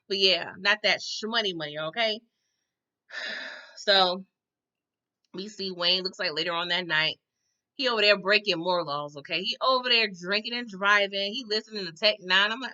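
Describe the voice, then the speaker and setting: A woman's voice: mid-range voice, sharp tone, muffled recording. A woman giving a casual, chatty recap of a TV episode. She acts out the characters' lines and keeps tagging her sentences with "okay?". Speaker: TV recap host.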